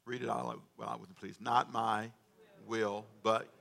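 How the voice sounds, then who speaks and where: A man preaching a sermon, calling for responses from the congregation and joking with them between loud, emphatic stretches. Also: fairly low pitch, level tone, unhurried, gravelly. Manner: humorous asides to the congregation. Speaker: pastor. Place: church sanctuary.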